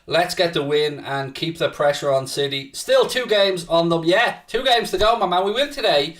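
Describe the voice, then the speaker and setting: A man's voice: on the high side, expressive, normal speed, a bit bright, far from the mic. A man hosting a casual live football watchalong, chatting to viewers, reading out their messages and swearing freely when worked up. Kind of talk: casual live-stream chat.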